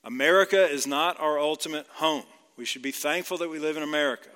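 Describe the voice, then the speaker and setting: A man's voice: a little high, fast, fairly bright tone, clear, resonant tone, big-room sound. A male pastor from Georgia preaching a sermon in a conversational way, often checking in with "right?".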